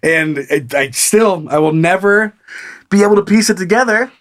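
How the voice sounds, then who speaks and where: Animated man telling a story on a podcast. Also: high-pitched, moderate pace. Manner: animated, laughs often, acts out quoted people. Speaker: podcast co-host. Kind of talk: casual storytelling chat.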